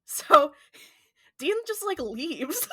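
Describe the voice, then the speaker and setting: Bright, animated woman retelling scenes. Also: high voice, extremely slow, no echo, studio quality. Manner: animated retelling, acting out characters' lines. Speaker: podcast co-host. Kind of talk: casual recap of a TV episode.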